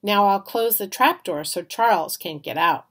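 A woman's voice: mid-range voice, moderate pace, natural voice. A woman reading aloud, voicing a brash, boastful third-grade boy in a storybook. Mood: eager. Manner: cocky, lively.

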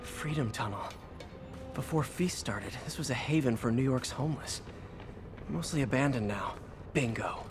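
A man's voice: medium pitch, lively intonation, normal speed, natural voice. Fields: Spider-Man, wisecracking young hero, voiced by a man. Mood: wry. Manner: dry, joking asides. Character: wisecracking young male superhero. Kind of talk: video game voice acting. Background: game music.

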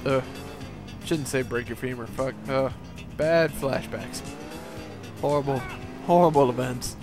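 A man's voice: mid-range voice, measured pace, over music. A young man giving casual, profane let's-play commentary over a game, rambling and laughing at himself. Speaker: gameplay commentator.

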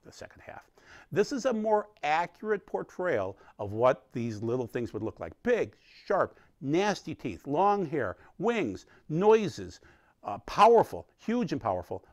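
A man's voice: on the low side, gravelly, no room sound. A man teaching a recorded Bible study, explaining with emphatic energy.

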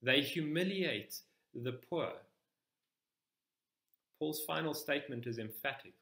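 Guy giving a sermon in a church, steady teaching tone, mid pitch, lots of room echo. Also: creaky. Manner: measured teaching, explains scripture step by step. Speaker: preacher.

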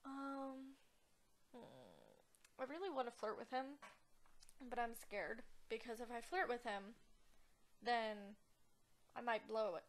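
A young woman talks her way through a life-sim game in a loose, chatty tone. She sits a bit above the usual female pitch and breaks into giggles and dramatic, half-joking indignation. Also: steady tone, slow pace, long pauses, slight background noise. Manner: chatty, exaggerated outraged reactions and giggles. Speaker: gaming channel host. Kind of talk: casual let's-play commentary.

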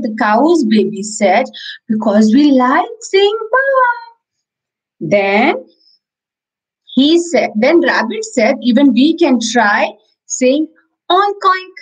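A woman with an Indian English accent teaching preschoolers in an online class, telling a story slowly and repeating words for small children. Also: fairly high pitch, sing-song, husky, low-quality recording. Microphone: video call.

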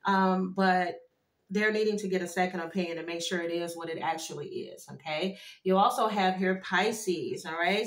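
A woman doing a casual tarot card reading for her viewers, animated and chatty, with frequent exclamations. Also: mid-range voice. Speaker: tarot reader. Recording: echoey room.

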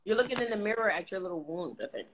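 A woman's voice: medium pitch, expressive, very fast, a little hiss or hum, rough recording. A woman from New York with a New York accent, chatting bluntly on a group video call. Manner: blunt, streetwise slang. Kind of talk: casual group chat. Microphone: phone on a video call.

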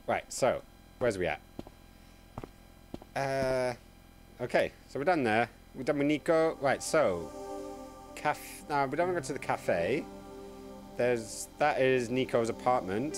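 Chatty man streaming a game. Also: mid-range voice. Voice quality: chatty, playful. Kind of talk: casual live gameplay commentary. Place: home room. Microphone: desk microphone.

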